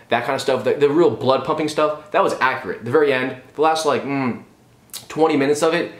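Fast-talking, sarcastic young man ranting. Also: medium pitch. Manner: sarcastic, profane, animated. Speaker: movie reviewer. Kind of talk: ranting movie review vlog. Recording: roomy echo.

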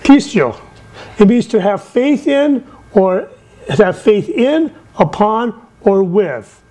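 A middle-aged man giving a lively sermon from the pulpit, telling stories with big swings in his voice. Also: takes it slowly, rough recording. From England. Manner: animated, storytelling with wide swings in pitch. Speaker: missionary speaker.

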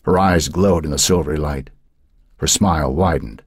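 Deep, husky male audiobook narrator. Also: moderate pace, no room sound, studio quality.

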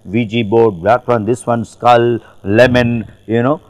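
A man's voice: medium pitch, steady tone, a little slow, background noise. A man who is a pastor, giving emphatic testimony in an interview, repeating phrases and quoting scripture.

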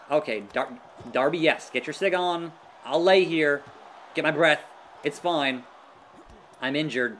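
Man, high voice, swinging pitch, gameplay commentary, groans and yells. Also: measured pace, pauses often, slight background noise. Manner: excitable, groans and yells at the action. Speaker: let's play gamer.

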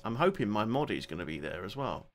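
A man with a Cockney accent, sitting at home hosting a relaxed music live stream and chatting loosely as he thanks viewers by name. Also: fairly low pitch, quick pace. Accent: Cockney English. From England. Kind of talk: casual live-stream chat.

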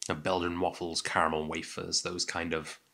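A man's voice: sits low, flat delivery, moderate pace, vocal fry, sharp tone. A young man with an English accent hosting a casual whisky tasting, chatty and self-deprecating with many fillers. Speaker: whisky podcast host.

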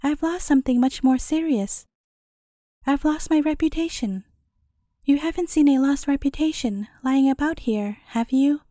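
A woman's voice: high voice, normal speed, mellow, dry recording, studio quality, lightly acted. A woman voicing a dignified old man, wandering and forlorn, in a storybook tale. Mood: rueful. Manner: dignified, rueful.

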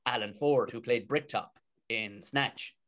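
Irish man, Tipperary accent, comedian guest; animated, sweary storyteller. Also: mid-range voice, a little slow. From Tipperary, Ireland. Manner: animated, swears freely, colloquial. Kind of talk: casual storytelling in a podcast interview.

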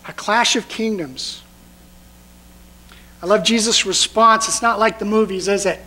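A male pastor with a notably high voice, preaching a sermon. He talks conversationally but with emphasis, and keeps firing rhetorical questions at the congregation. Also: measured pace, bright, forceful tone, poor audio.

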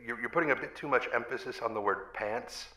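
A man's voice: mid-range voice, a little fast, bright, forceful tone, roomy sound, natural voice, rough recording. A man playing a hesitant, stammering male recording engineer who politely corrects the talent.

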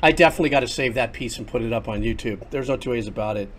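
Excitable older man streaming a game. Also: medium pitch, rapid-fire, a little hiss or hum. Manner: chatty, excitable, exclaims often. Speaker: streamer and composer. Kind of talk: casual livestream commentary. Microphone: headset.

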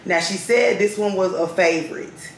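In an echoey room with noticeable background noise, a young vlogger rambles casually to her viewers from home. She has a mid-range voice and speaks at a moderate pace.

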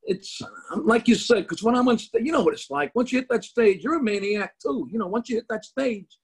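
A middle-aged comedian with a New Jersey accent, talking bluntly and profanely in a casual interview over a video call. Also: male voice, very high-pitched, expressive, fairly quick, breathy edge. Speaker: comedian guest.

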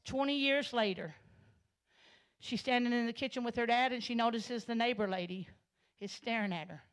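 A woman from Arkansas, telling her life story as a church sermon, storytelling that swells into loud, passionate preaching. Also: a little high, moderate pace, clean tone. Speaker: guest speaker giving testimony. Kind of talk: Pentecostal sermon testimony. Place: church sanctuary.

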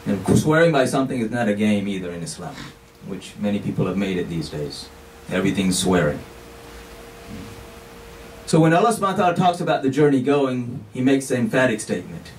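Speaking fairly quickly in a lowish voice that swings widely in pitch, a man gives an explanatory sermon at a mosque pulpit. His delivery is chatty, full of "you know" and Arabic expressions. A faraway mic catches faint background noise.

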